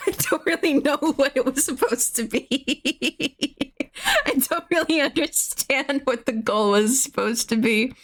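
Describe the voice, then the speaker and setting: A woman's voice: high-pitched, big pitch swings, slow pace, fairly bright tone. A woman streamer casually recapping a movie plot, rambling with restarts, swearing and laughing at her own jokes.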